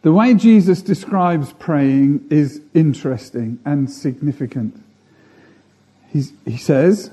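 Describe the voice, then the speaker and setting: A man's voice: a little high, animated, slow, warm tone, slightly rough. A man preaching a sermon, earnest, building emphasis through repeated phrases.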